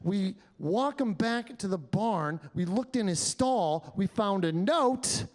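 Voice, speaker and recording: High-voiced male stand-up comic. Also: slow pace. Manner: animated storytelling with voiced act-outs. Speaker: stand-up comedian. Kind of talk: stand-up comedy set. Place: comedy club stage.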